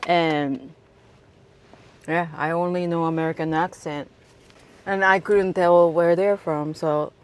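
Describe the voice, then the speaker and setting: A woman's voice: lowish voice, fairly even intonation, takes it slowly, pauses often, clear, resonant tone. A woman from Japan, a cab driver, telling a casual story with many fillers and restarts.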